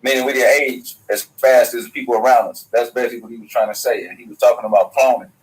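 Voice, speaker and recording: A man's voice: mid-range voice, fairly even intonation, fast talker, rough recording. A man, a talk show guest telling a long story in loose, slangy, profane talk. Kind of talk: rambling storytelling.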